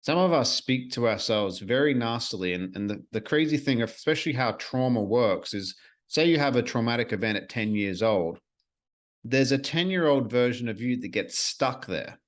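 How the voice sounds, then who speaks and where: A man's voice: mid-range voice, expressive, normal speed. A man hosting a solo podcast, talking earnestly and reflectively in a casual way, with the odd swear word. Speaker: podcast host.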